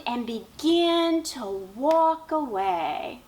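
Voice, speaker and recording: Very slow, expressive woman reading aloud. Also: on the high side, a little hiss or hum. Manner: expressive, drawn-out storytelling with questions to young listeners. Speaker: teacher and education dean. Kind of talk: children's picture book read-aloud.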